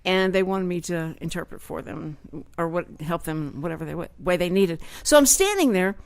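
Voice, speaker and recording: A woman hosting a radio talk show, chatty and quick to laugh as she tells stories. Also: on the low side, expressive, gravelly, clean tone. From Texas. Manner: chatty storyteller, laughs often.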